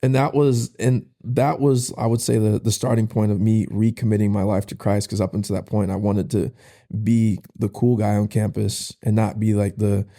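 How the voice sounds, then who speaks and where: Young man, podcast guest, casual slang, low-pitched, heavy vocal fry, emotional storytelling. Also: flat delivery, mellow. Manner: casual, uses slang like "bro"; emotional, halting retelling. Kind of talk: personal storytelling.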